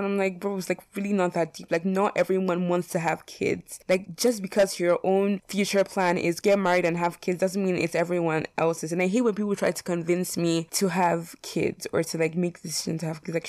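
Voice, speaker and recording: A young adult woman vlogger chats her way through would-you-rather choices, loose and full of fillers, with blunt opinions and the occasional swear. Her voice is a little mellow and sits somewhat low for a woman. The audio is close and dry, with no room echo.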